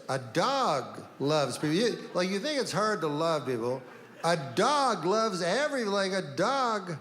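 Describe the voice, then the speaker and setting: A middle-aged man doing a stand-up routine in a deadpan, rambling way, halting and restarting, with an audience laughing. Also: high voice. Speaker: stand-up comedian. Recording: live hall with crowd noise.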